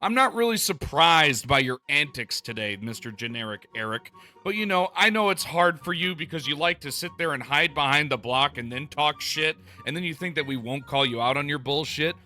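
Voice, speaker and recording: A man's voice: a little high, expressive, normal speed, bright, forceful tone. A man from Germany ranting to his audience in a heated, insulting and sarcastic way. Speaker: YouTuber. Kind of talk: angry rant to camera.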